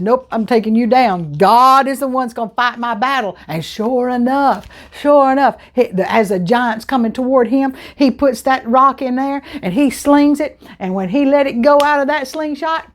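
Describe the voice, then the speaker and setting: A woman teaching a children's Bible lesson, telling the story in an animated, exclamatory way. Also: fairly high pitch.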